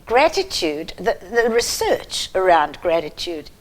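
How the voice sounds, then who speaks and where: A middle-aged woman giving a deliberate, emphatic talk to parents, pausing between phrases. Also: lowish voice, very animated, low-quality recording. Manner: measured and emphatic, with long pauses between phrases. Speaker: parenting educator.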